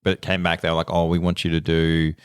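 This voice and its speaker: A relaxed Australian bloke of about forty, talking loosely on a podcast and chuckling through his anecdotes. His voice sits low. The sound is close and dry, with no room around it. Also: quick pace, smooth, no echo. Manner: laid-back, laughs through his anecdotes. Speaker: podcast co-host. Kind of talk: casual chat, storytelling.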